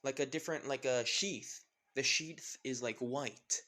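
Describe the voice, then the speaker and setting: Bright-voiced young man rambling through a story. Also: mid-range voice, unhurried. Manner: rambling, many fillers, restarts. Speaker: channel host, storyteller. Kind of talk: casual fan-story narration.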